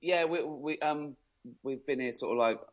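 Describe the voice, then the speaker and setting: A man chatting as a guest on a radio show, dry and self-mocking and quick to laugh. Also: fairly high pitch. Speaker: guest comedian. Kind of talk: casual radio chat.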